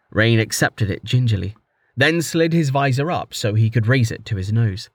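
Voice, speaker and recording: A man narrating a fantasy story in a steady, even storytelling manner. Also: mid-range voice, normal speed, no echo. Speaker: audiobook narrator.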